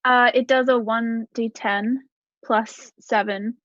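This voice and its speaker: A woman player chats through her turns in a tabletop game, hesitating with fillers. Her voice sits a bit high, dry and close, with a dull lo-fi tone. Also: steady tone, takes it slowly, a bit bright, no room sound.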